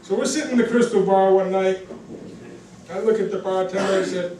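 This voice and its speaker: A man's voice: sits high, fairly even intonation, brisk, warm tone. A man giving a roast speech for a friend, telling rambling anecdotes, laughing at his own stories and swearing often. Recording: echoey room, recorded from far off, background noise.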